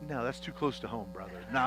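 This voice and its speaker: A man preaching a teaching sermon as pastor, animated and joking as he acts out the dialogue of a Bible story in church. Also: a little high, slight background noise, rough recording.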